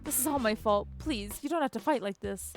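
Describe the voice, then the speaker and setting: A woman's voice: a little high, brisk, faint music behind, lightly acted. A woman voicing a nervous, earnest young male detective who stammers when he is put on the spot. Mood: desperate. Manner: flustered, stammering.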